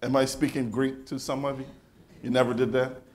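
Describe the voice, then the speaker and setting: Speaking a little fast in a mid-range voice, a male pastor preaches with an animated, storytelling, conversational manner and keeps restarting his phrases.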